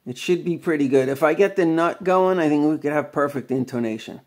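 A man's voice: fairly high pitch, a little fast, darkish tone. A middle-aged man chatting casually as he walks through a home guitar repair, rambling with many fillers. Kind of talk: casual workshop vlog.

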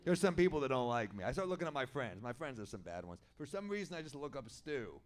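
A man at a mid-pitched, ordinary register telling a long story on stage at an indoor comedy venue. His delivery is wry and deadpan. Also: fast talker.

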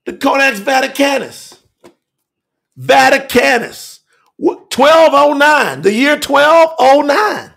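A man preaching fiery and emphatic to a telethon audience as a scripture teacher, repeating phrases and shouting at times. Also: extremely high pitch, expressive, takes it slowly, vocal fry.

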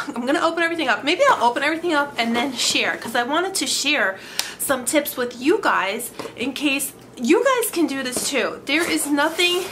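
A woman beauty vlogger excitedly unboxing makeup, gasping and gushing as she talks. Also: on the high side, slight background noise. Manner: gushing, gasping, many "oh my god"s.

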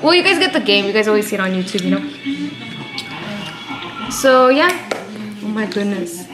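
A woman's voice: mid-range voice, sing-song, normal speed. A young woman co-hosting a casual vlog, chatty and giggly, with lots of "you know" fillers. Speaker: vlog co-host. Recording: echoey room.

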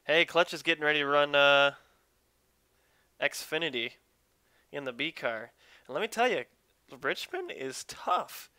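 A man's voice: a little high, very animated, measured pace, long pauses, bright, forceful tone, dry recording. A man commentating his own online racing game live, chatting with viewers while he drives. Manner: upbeat, talks to chat while driving.

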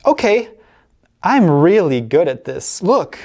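A woman's voice: on the low side, big pitch swings, slow, a little mellow, pitched above the performer's own voice, full character voice. A woman reading aloud, voicing an eager little boy in a picture book.

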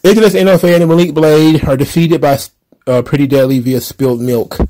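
A man's voice: a little high, steady tone, brisk, mellow. Laughing man recapping wrestling casually. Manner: laughs often, sarcastic asides, lots of fillers. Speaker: wrestling commentary podcaster.

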